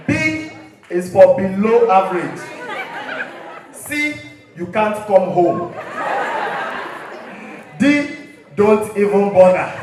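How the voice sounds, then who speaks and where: A man's voice: high-pitched, darkish tone, a little hiss or hum. A young man with a Nigerian accent, hosting a live show and telling comic stories with punchlines. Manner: storytelling with punchlines, playful. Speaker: emcee and stand-up host. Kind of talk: stand-up comedy at a live show. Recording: very echoey hall from far off.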